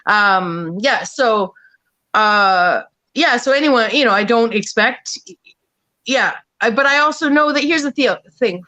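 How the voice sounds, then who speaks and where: A woman's voice: on the high side, expressive, takes it slowly, sharp tone, dry recording, poor audio. A woman in casual panel talk on an online stream, rambling with many fillers and restarts and swearing freely.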